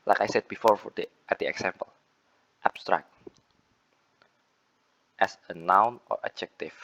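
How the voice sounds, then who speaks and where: In dull-sounding audio, a young adult student with an Indonesian accent presents to his class on word stress. His voice sits low with a touch of brightness, and he keeps repeating the example words and fixing his own mistakes.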